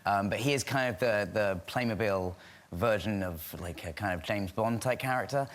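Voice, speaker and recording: A man's voice: fairly low pitch, normal speed. A young English man in his twenties, a talk show guest chatting in a self-deprecating way with many fillers. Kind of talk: casual chat.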